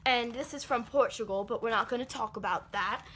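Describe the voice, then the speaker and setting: Brief: high-pitched girl, playful school-project presenter who drops crikey and mate. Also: fairly quick, a bit bright, husky.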